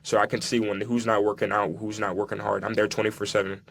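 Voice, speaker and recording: A man's voice: fairly low pitch, flat delivery, gravelly, fairly bright tone. A young man, a soccer player, telling his own story in a casual conversation. He acts out old dialogue, stopping and restarting as he goes. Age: young adult. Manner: recounts dialogue, halting restarts.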